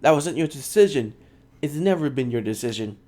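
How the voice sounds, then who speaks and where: A man's voice: mid-range voice, lively intonation, fairly quick, warm tone, voice pushed up, natural voice. A man voicing a frightened elf wizard who speaks in a strained, defensive way.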